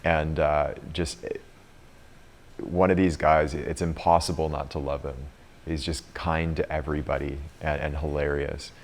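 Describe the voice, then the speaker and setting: A man's voice: a bass voice, little pitch movement, unhurried, a little hiss or hum. A man in his thirties leading a retreat group, telling a story in a chatty way and laughing often. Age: 30s. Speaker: retreat leader and coach.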